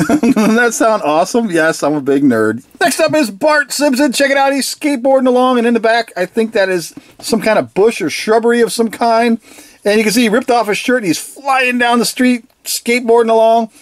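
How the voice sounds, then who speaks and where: A toy reviewer in a casual video review who giggles often, sounds excited, and playfully copies the toys' catchphrases. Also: mid-range voice, a little fast, no echo. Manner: giggly and enthusiastic, laughs often.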